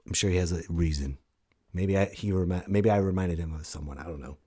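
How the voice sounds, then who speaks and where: A man in his thirties hosting his own podcast, talking loudly and casually in a rambling, jokey way with sudden shouted bits. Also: sits low, brisk. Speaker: podcast host. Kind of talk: casual solo podcast monologue.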